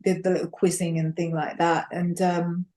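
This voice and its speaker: A woman's voice: lowish voice, moderate pace. A woman sharing her personal testimony in conversation, telling it animatedly and acting out the voices of the people in it. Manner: animated storytelling with acted quotes and laughs.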